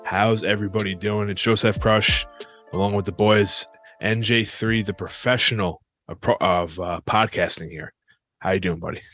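A man's voice: lowish voice, fairly even intonation, normal speed, a bit bright, faint music behind. A man hosting a wrestling podcast in loose, joking chat and swearing freely. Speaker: podcast host. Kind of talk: casual chat.

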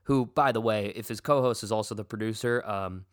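A man's voice: on the low side, brisk, no echo, studio quality. A man hosting a comedic fantasy football podcast, ranting indignantly with lots of profanity. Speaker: podcast host.

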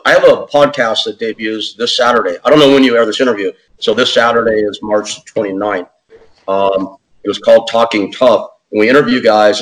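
Animated man telling a story. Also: medium pitch, low-quality recording. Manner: animated, acts out quotes in other voices; says "man" and "dude" often. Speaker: interview guest; podcast host. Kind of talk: casual storytelling.

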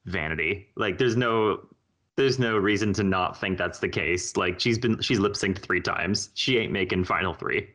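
A man's voice: deep voice, normal speed, sharp tone. A man in his thirties co-hosting a podcast in a casual, campy, teasing way. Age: 30s. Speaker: podcast co-host. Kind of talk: casual chat.

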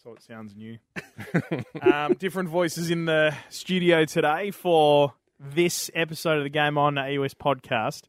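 Laid-back Australian podcast host, higher voice. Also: male voice, measured pace, dry recording. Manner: jokey, laid-back, swears casually. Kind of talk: casual gaming podcast chat. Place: podcast studio.

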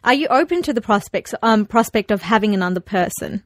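A woman interviewer asking brief, measured questions of a radio presenter. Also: mid-range voice, expressive, no echo, studio quality. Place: radio station office.

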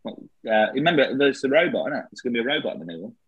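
Husky jokey podcast host. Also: male voice, mid-range voice, big pitch swings, a bit bright, dry recording. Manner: jokey, laughing, quick asides. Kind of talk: casual comedic chat. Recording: slightly lo-fi dry recording.

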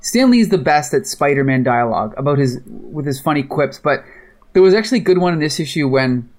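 Male podcast co-host, slightly high voice, eager and laughing, casual comic chat. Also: lively intonation, fairly quick. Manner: enthusiastic, laughs often.

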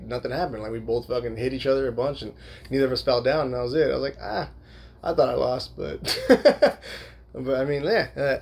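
A young man casually telling a long personal story, rambling with lots of fillers and frequent swearing. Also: medium pitch. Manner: laughs while telling.

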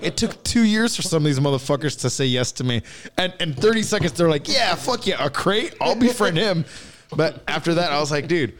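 A man telling rowdy stories in a casual podcast chat, swearing and laughing as he goes. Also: on the high side. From Southern California.

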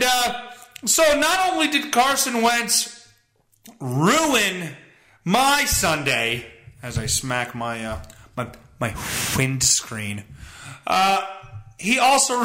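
A man hosting his podcast, ranting casually with lots of profanity and bursts of exasperated shouting. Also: sits high, big pitch swings, slow pace, echoey room. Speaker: podcast host.

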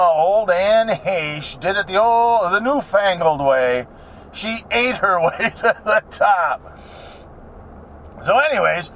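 Rambling joker with a high, bouncy voice. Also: male voice, a bit bright. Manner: joking, crude, wanders off topic. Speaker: vlogger. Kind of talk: rambling casual monologue while driving. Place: in a car. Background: faint road noise.

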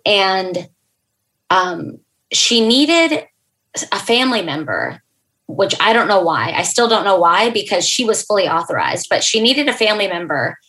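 A young adult woman, a podcast guest, telling an emotional personal story in an earnest, halting way, with fillers and restarts. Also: medium pitch, big pitch swings, pushed and bright, poor audio.

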